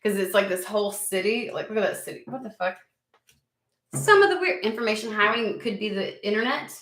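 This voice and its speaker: Woman, tarot reader, casual vlog reading, animated, swears a lot, roomy echo. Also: medium pitch, fairly quick. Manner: animated, swears freely, chatty.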